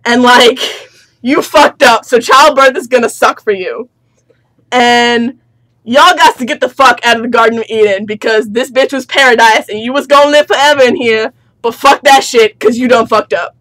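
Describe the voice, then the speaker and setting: A woman plays God as a swaggering, foul-mouthed man handing out scoldings in street slang. The voice sits a little high. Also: normal speed, fairly bright tone, close to an everyday voice. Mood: cursing verdict.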